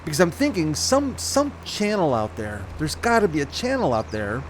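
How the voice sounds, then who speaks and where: A man's voice: on the high side, huge pitch swings, normal speed, a little hiss or hum. A man chatting casually over his farming game, rambling and correcting himself as he goes. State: slight hiccups. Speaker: gaming channel host. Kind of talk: casual let's-play commentary.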